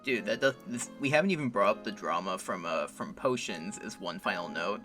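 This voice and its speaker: A man's voice: fairly low pitch, animated, fairly quick, bright, forceful tone, soft background music. A young man co-hosting a podcast, joking, swearing and bickering in casual chat. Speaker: podcast co-host.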